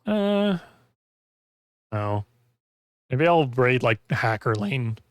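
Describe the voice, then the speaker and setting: A man's voice: mid-range voice, big pitch swings, very slow, no echo, studio quality. Rambling man streaming, losing his voice. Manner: rambling, heavy use of "like". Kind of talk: casual chat while gaming.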